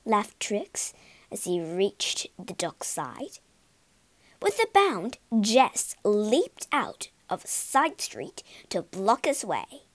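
A woman narrating a children's storybook for learners, expressive and clear. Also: medium pitch, slow, no echo.

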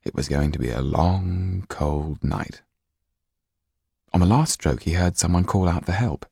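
A man's voice: low voice, lively intonation, a little slow, gravelly, mellow, breathy edge, no room sound, studio quality. A man narrating a storybook audiobook expressively, shifting into voices for the characters.

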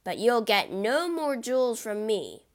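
A woman's voice: fairly high pitch, a little slow. A woman voicing a greedy, frightened captive man who pleads in a raised voice. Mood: desperate.

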